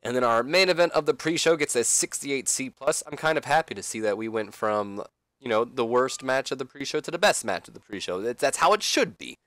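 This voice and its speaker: A man's voice: mid-range voice, lively intonation, brisk, fairly bright tone, no echo. A man doing casual game commentary, rambling with fillers and side remarks. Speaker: let's play commentator.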